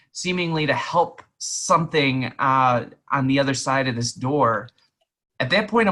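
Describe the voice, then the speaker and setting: A man's voice: medium pitch, sharp tone. A man narrating a tabletop game as game master, describing scenes in detail.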